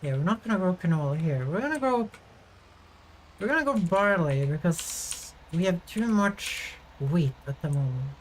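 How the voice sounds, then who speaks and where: A woman's voice: fairly low pitch, animated, moderate pace, slight background noise. A woman streaming a video game, chatting casually to her viewers with offhand swearing. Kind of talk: casual gameplay commentary.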